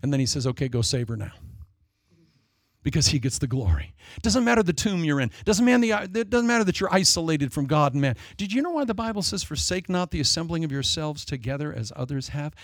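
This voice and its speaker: Male preacher, gravelly voice, dry close sound, dramatic storyteller who slips into character voices. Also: a little high, sing-song, no echo. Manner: dramatic, acts out demons and people in quick asides. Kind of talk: sermon.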